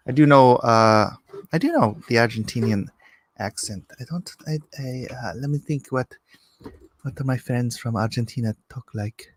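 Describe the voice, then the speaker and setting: A man's voice: medium pitch, a little fast. A middle-aged man hosting a casual livestream from his home studio, rambling and joking as he fiddles with his camera setup. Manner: rambling, self-interrupting, jokey. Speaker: livestream host.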